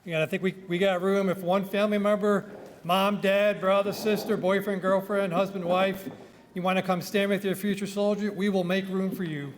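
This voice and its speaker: A man with a New York accent speaks as an army officer at a ceremony. His voice sits high and he projects in measured, listed phrases. He speaks into a microphone in an indoor hall. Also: flat delivery. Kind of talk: formal ceremonial address. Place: indoor government building hall.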